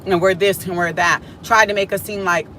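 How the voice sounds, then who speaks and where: A woman talking casually and excitedly to her live viewers from her car, speaking into a phone on a stand. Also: mid-range voice, a little fast. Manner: casual, excitable, chatty slang. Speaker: prophetic content creator. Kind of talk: live prophetic vlog chat. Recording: car road noise behind.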